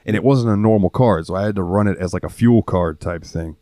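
Deep-voiced southern guy on a podcast, swears a lot, tells stories, dry close mic. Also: fairly quick, no echo. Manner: profane, animated storyteller acting out customers. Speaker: podcast co-host. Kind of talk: casual chat, storytelling.

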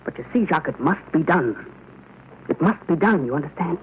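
A man's voice: a little high, lively intonation, a little fast, slight background noise, natural voice. A man playing an anguished father in a 1940s radio drama, talking in an earnest, strained and pleading way. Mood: stern pleading. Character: anguished middle-aged father under occupation. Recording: muffled old radio broadcast.

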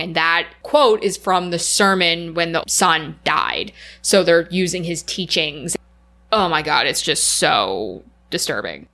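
Bright-voiced woman recapping a film. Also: on the low side, measured pace. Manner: animated retelling, frequent "like" fillers. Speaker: podcast co-host. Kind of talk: casual film recap chat.

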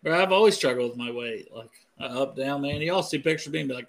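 A man's voice: medium pitch, quick pace, vocal fry, few pauses. A man hosting a podcast in casual, candid chat, swearing freely and laughing often. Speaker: podcast host.

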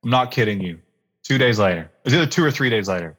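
A man in his thirties, a pastor, telling a personal faith story in a relaxed interview and acting out the lines he quotes. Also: on the low side, quick pace, breathy edge. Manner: animated storyteller with fillers, acts out quoted lines. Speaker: pastor guest. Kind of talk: conversational storytelling in a podcast interview.

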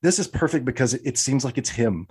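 A man co-hosting a casual podcast chat, talking thoughtfully and building to excited emphasis. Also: mid-range voice, quick pace, husky. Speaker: podcast co-host.

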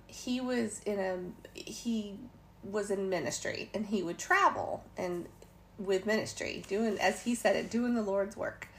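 Woman chatting through a travel story, laughs a lot, bit of faint noise behind her. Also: mid-range voice. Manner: chatty, laughing asides, quotes others in passing. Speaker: vlogger. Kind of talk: casual storytelling.

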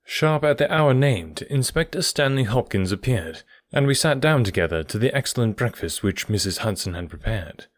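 A man narrating a detective story as an audiobook reader, in a measured, steady way. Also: medium pitch, dry recording, studio quality. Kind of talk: scripted narration.

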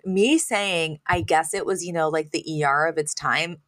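A woman with a fairly low voice chats through a TV episode on a podcast. She is casual and lively, slipping into the characters' lines and laughing as she goes. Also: normal speed. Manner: chatty, retells scenes acting out quotes, laughs often. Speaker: podcast co-host. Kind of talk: casual chat recapping a TV episode.

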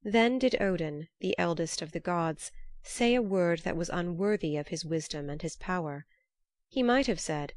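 A woman narrating a storybook in a steady, measured reading. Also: on the low side, dry recording, clean studio sound.

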